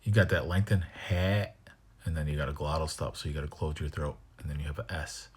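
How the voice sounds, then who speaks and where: A man teaching the sounds of a language, slowly repeating words and sometimes whispering them so the contrast can be heard. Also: a bass voice, steady tone, breathy edge. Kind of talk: pronunciation lesson.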